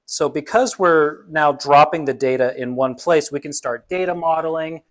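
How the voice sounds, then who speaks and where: A man's voice: on the high side, moderate pace, rough recording. A man giving a casual, jokey conference presentation who talks conversationally and acts out what other people say. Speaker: conference speaker.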